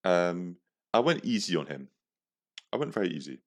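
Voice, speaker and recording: Deep-voiced man ranting crudely. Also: big pitch swings, normal speed. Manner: crude, profane comic ranting. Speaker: podcast host. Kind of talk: casual storytelling monologue.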